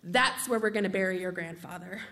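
A woman voicing her blunt, deadpan grandmother in her late seventies, speaking flatly and matter-of-factly. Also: mid-range voice, brisk, voice pushed down.

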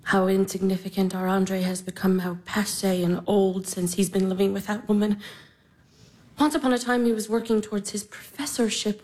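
An actress in her twenties playing a despairing young woman worn out by work, speaking in anguish with breathy whispered breaks. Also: medium pitch, a little mellow, close to an everyday voice, poor audio. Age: 20s. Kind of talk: stage drama acting.

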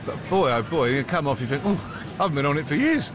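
A man's voice: on the high side, very animated, fast talker, over music. A man, a park owner, talking proudly and chattily in an outdoor interview with small hesitations. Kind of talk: on-location interview. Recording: crowd noise at an amusement park. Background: park crowd and rides.

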